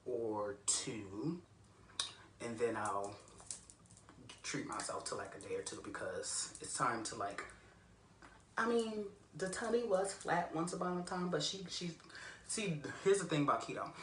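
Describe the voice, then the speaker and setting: A woman's voice: a bass voice, lively intonation, a little slow, a little hiss or hum. A young woman chatting casually in a rambling, self-mocking way in a vlog at home. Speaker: vlogger. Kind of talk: casual mukbang vlog chat. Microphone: camera set up across the room. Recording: roomy echo, distant camera mic.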